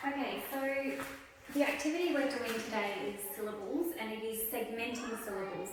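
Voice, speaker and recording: A young adult woman, a literacy educator patiently explaining a classroom activity step by step with examples. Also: medium pitch. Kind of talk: instructional video demonstration. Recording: echoey room, voice from a distance, faint noise.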